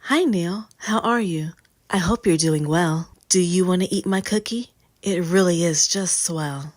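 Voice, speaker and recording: A pleading, sing-song storybook character begging everyone to try her cookie, read aloud by a woman. The voice sits low and close, with a dry, unechoing sound. The lines bounce along in rhyme. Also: unhurried, dry recording. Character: sad eager woman pleading people to eat her cookie. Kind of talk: storybook reading.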